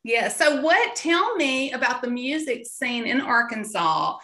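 A woman's voice: high-pitched, lively intonation, measured pace, pushed and bright. A woman podcast host with a Southern accent, reading a recipe and chatting in a friendly, talkative way. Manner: friendly, chatty, addresses listeners as y'all. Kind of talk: recipe reading and interview chat.

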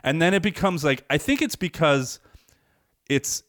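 A man's voice: a little high, expressive, moderate pace, a bit bright, no echo, clean studio sound. A man co-hosting a podcast, chatting casually as he recaps a movie, rambling and laughing often. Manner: rambling, laughs often, acts out lines from the film. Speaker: podcast co-host.

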